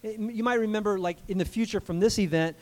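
A man preaching a sermon in an animated, conversational way, with frequent asides to the congregation. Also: sits high, fast talker. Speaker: pastor.

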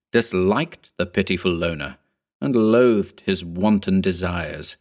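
A man narrating his own written story in a measured, wry reading. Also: on the low side. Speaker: narrator and author.

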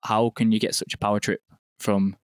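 A man's voice: fairly low pitch, flat delivery, a little fast, clean tone, no room sound, clean studio sound. A young man, telling a story in casual podcast chat, rambling and sweary with lots of "like". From England. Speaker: podcast guest, venue owner.

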